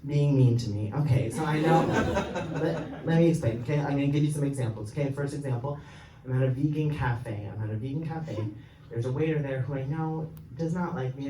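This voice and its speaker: A man's voice: mid-range voice, darkish tone, slight background noise. Young male comic, roomy live stage. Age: young adult. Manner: rambling, with fillers and chuckling at his own jokes. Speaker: stand-up comedian. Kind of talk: stand-up set. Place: comedy club stage. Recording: roomy live-show sound, mic off at a distance. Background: audience laughing.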